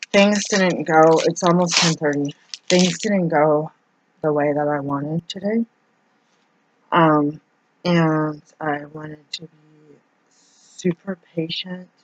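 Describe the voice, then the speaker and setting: A woman's voice: sits low, no echo. A woman talking through a personal confessional monologue as a vlogger. She rambles and hesitates, restarting her sentences often. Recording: dull, dry lo-fi recording.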